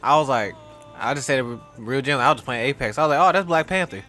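A young man co-hosting a podcast, loud and animated with slang-heavy banter. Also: mid-range voice, quick pace, faint music behind. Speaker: podcast co-host. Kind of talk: casual chat.

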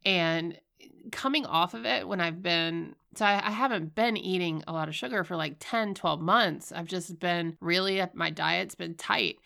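A woman's voice: lowish voice, creaky, sharp tone. A woman in her forties hosting a casual solo podcast, sounding stuffy and nasal, talking candidly, swearing and laughing at herself as she tells stories. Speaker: podcast host.

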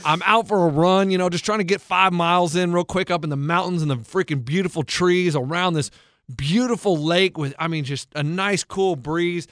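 A man in his forties in casual chat, excitable and quick to laugh. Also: high voice, no room sound, studio quality. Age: 40s.

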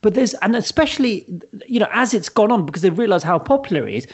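A man's voice: high-pitched, big pitch swings, quick pace, slightly rough. A man with a London accent co-hosting a podcast, chatting casually and arguing his point. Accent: London English. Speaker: podcast co-host. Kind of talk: casual chat.

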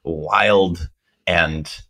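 Low, bright-toned man telling a story. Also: very slow, vocal fry. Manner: animated, acts out quotes, lots of "like". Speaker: journalist guest. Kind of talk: casual storytelling.

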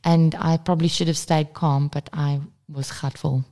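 A woman's voice: deep voice, level tone, moderate pace, dark tone. A woman, co-hosting a casual parenting podcast and talking candidly, swearing freely. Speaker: podcast co-host. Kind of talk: casual chat.

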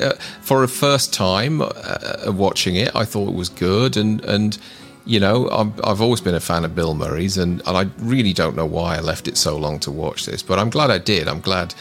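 A low, gravelly-voiced man chatting about a film he has just seen, with faint synth music behind. He speaks hesitantly, with lots of fillers and easy agreement. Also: expressive, normal speed, fairly bright tone. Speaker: podcast co-host. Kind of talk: casual film review chat.

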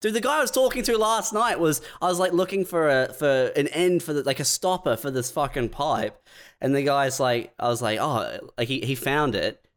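A man's voice: on the high side, brisk. A man co-hosting a comedy podcast, telling laid-back, sweary stories. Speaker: podcast co-host. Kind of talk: casual comedy podcast banter.

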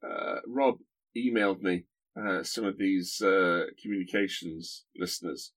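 A man's voice: low-pitched, measured pace, fairly bright tone. A man guest-hosting a podcast, chatting with dry humour and lots of hesitations. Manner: hesitant, dry humorous, many fillers. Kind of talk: casual podcast chat.

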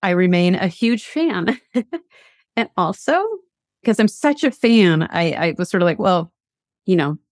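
A middle-aged woman, a coach and university teacher, tells a story in a motivational talk with lively asides and restarts. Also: on the low side, a little slow, long pauses, no room sound, clean studio sound.

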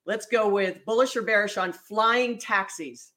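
A woman's voice: medium pitch, measured pace, a bit bright. A woman hosting an interview podcast, upbeat and friendly as she talks with her guest. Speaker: podcast host. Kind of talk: hosted interview.

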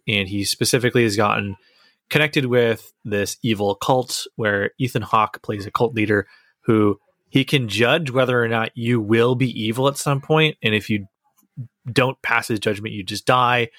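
A man's voice: on the low side, steady tone, moderate pace, fairly bright tone, no echo, studio quality. Enthusiastic rambling man reviewing a show. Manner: enthusiastic, rambling, restarts sentences. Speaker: podcast co-host. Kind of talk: casual chat reviewing a TV series.

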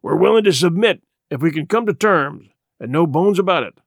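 A man's voice: a little high, expressive, brisk, vocal fry, husky, no echo, clean studio sound, full character voice. A man voicing a cheery, wheedling one-legged pirate leader. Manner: hearty, ingratiating.

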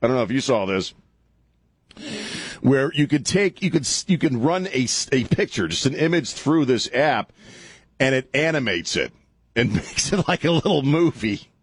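A man's voice: mid-range voice, moderate pace, slightly rough, dry recording. A middle-aged man hosting a talk radio show, rambling and joking in casual banter from a studio mic. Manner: rambling, jokey, animated, lots of laughs and filler. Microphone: studio microphone.

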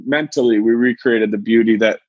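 Man, thirties, podcast co-host, husky, animated storytelling, muffled dry sound. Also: brisk, no room sound. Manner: animated, acts out quotes in high voices. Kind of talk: casual storytelling chat.

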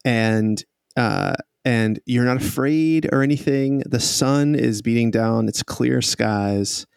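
Man as game master, slow gravelly narration, rambling and laughing. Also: mid-range voice, a little mellow, dry recording. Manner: laughing, rambling storytelling with restarts.

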